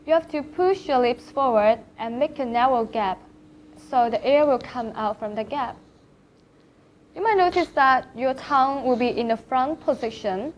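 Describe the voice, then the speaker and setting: Slow high-voiced woman teaching pronunciation. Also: a little hiss or hum. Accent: Thai. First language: Thai. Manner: slow, careful demonstrations of vowel sounds. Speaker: Chinese language teacher. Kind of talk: pronunciation lesson. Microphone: camera facing the speaker. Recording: slightly dull lo-fi sound.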